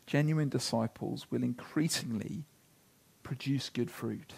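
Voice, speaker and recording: A pastor preaching a sermon, telling stories earnestly and slowing down to read scripture. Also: male voice, medium pitch, vocal fry, darkish tone, husky.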